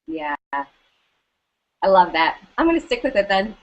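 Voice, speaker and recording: A woman hosting a web interview show, upbeat, with quick affirmations and easy laughter. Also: medium pitch, big pitch swings, lo-fi sound. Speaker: host.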